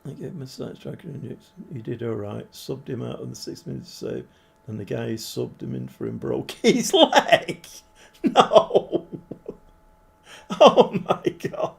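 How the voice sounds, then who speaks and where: A man's voice: high-pitched, expressive, measured pace, creaky, darkish tone. A man casually commentating while live-streaming a football management game and chatting with viewers, swearing mildly along the way. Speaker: game livestreamer.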